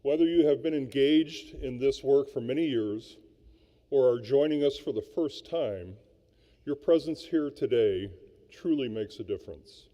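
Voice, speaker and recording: A man co-chairing a symposium, reading a formal, measured welcome and introducing speakers at a luncheon. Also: mid-range voice, warm tone. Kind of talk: formal scripted welcome speech. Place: large hall at a luncheon. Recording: echoey hall, dull lo-fi sound.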